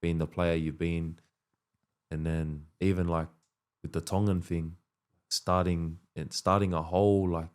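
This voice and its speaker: A man's voice: low-pitched, level tone, unhurried, a little mellow. A young man hosting a casual interview, laid-back and using "bro" and "like" a lot. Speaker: podcast host and rugby league player.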